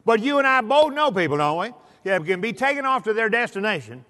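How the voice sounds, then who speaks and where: A motivational speaker gives a folksy talk to an audience in a large hall, his words carrying hall reverb. His voice is high, sharp in tone, fairly quick and full of big pitch swings as he tells stories and acts out voices.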